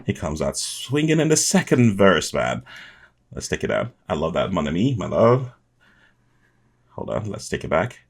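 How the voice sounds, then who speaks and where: A man's voice: deep voice, very animated, moderate pace, creaky, pauses often, breathy edge. A man hosting a reaction video, chatting casually with enthusiasm and chuckles, often restarting his sentences.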